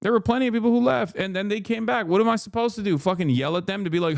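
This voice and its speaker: A man's voice: high-pitched, fast, vocal fry, hardly any pauses, dry recording, clean studio sound. A man ranting on a live stream, profane and heated, mocking others by putting on voices for their quotes. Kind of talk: live stream reaction rant.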